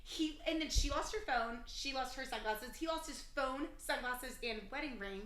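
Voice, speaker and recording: A woman's voice: sits high, moderate pace, fairly bright tone, reverberant. A young adult woman co-hosting a podcast, telling a story in casual chat and animatedly acting out the people she quotes. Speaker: podcast co-host.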